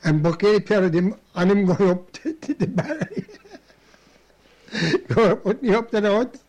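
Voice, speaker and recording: An older man recounts his memories in a rambling, anecdotal way, often breaking off into chuckles and restarting his sentences. His voice sits a little higher than most men's, yet it has a soft, mellow tone. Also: normal speed. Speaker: interviewee. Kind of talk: oral history storytelling.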